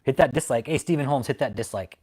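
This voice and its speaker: A man's voice: mid-range voice, quick pace, a little mellow, husky. A man hosting a livestream, ranting at his critics and reading chat in a profane, mocking, confrontational way. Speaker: livestream host. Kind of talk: casual livestream rant.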